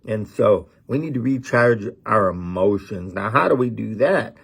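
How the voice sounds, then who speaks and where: A man's voice: fairly low pitch, lively intonation, unhurried, vocal fry, slightly rough. A middle-aged man preaching a sermon as a pastor, talking in a folksy, conversational way with lots of "man" and "you know.".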